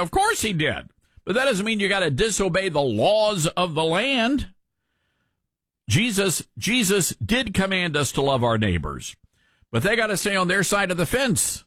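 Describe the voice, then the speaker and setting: A man's voice: on the high side, very animated, moderate pace, fairly bright tone, no room sound. A man hosting an opinion commentary show, indignant and preacherly, quoting scripture.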